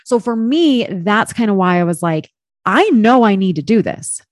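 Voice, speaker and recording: A woman of middle pitch telling a story in a loose, candid way, peppered with "like" and the odd swear word. Her voice is recorded close and dry, with no room sound around it. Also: normal speed, no room sound. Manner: candid and expressive, swears, heavy use of "like". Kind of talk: casual storytelling chat.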